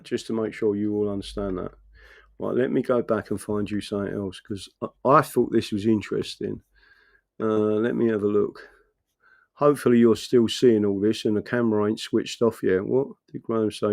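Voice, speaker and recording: A man's voice: on the low side, vocal fry, a little mellow, no room sound, clean studio sound. A middle-aged man hosting a casual livestream, rambling and swearing as he chats to viewers and reads their comments. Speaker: livestream host reading chat.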